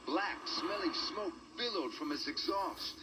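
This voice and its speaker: A man narrating a children's train story with an expressive reading. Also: high-pitched, unhurried, very noisy. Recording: music bed behind the voice.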